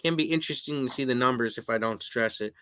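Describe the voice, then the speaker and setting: Male podcast host, casual and chatty, bright forceful tone, dry close sound. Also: medium pitch, fast, no echo. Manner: laughs easily, reads viewer comments aloud. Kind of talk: casual live-stream interview.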